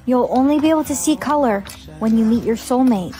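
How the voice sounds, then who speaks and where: A text-to-speech woman's voice playing a calm mother and a boyfriend. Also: a little high, fairly quick, soft background music, natural voice.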